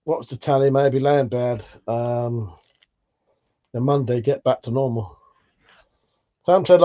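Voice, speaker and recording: A man's voice: fairly high pitch, darkish tone, dull audio. A British man hosting a casual livestream, chatting and reading out viewer comments in a laid-back, swearing, chuckling way. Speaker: livestream host.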